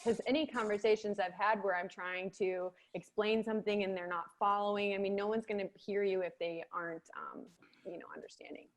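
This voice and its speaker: A woman's voice: mid-range voice, steady tone, brisk. A woman interviewing a guest in a casual chat, affirming and agreeable as she sums up his points.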